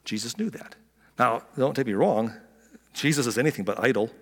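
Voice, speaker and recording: A middle-aged male pastor preaching with an ordinary mid-range voice. He is animated, jumps up high to act out the voices of his listeners, and then sinks to soft near-whispers to drive a point home. The sound carries a long reverb, as if in a large church hall. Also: a little fast, husky. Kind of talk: sermon.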